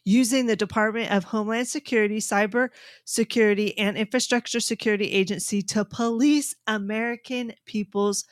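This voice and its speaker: A woman co-hosting a talk show, brisk and emphatic as she reads news stories aloud. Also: mid-range voice, fairly even intonation, dry recording, clean studio sound.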